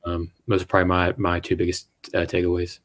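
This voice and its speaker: A man on a sports panel giving his takeaways in a hesitant, halting way. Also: sits low, completely flat delivery. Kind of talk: casual sports chat.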